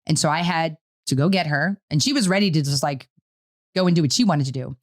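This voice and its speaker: A middle-aged woman co-hosting a casual parenting talk, telling a family story in an animated way and acting out what she said. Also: sits low, fairly quick. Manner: animated storytelling, quotes her own words. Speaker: podcast co-host.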